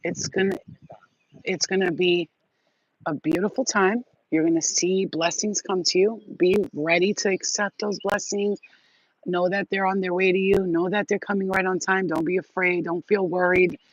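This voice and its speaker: A woman with a lowish, steady voice hosts a spiritual livestream at normal speed, chatting casually and affectionately with viewers. She rambles with lots of fillers and casual swearing, and the recording is dull, dry and lo-fi with no echo.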